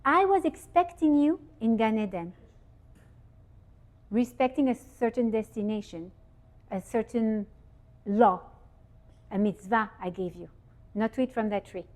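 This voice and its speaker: A woman teaching at a holiday gathering, her voice sitting a little high. She talks in an animated, conversational way and turns to the audience with questions. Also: unhurried, pauses often. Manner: lively, asks the audience questions. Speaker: speaker giving a Torah talk. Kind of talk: informal religious teaching. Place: event hall with audience.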